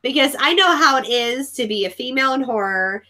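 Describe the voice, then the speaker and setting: A woman's voice: high voice, expressive, a little fast, pushed and bright. A Southern woman hosting a casual group video call, blunt, talkative and swearing freely. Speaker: stream host.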